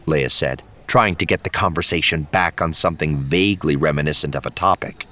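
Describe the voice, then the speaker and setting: A man narrating an audiobook in a measured, expressive way. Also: rumbling low. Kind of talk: scripted narration.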